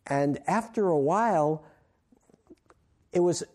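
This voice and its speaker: A man's voice: on the high side, takes it slowly. A man, an author and guest on an interview show, telling a story at length and acting out the quoted lines. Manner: animated storyteller, acts out quotes.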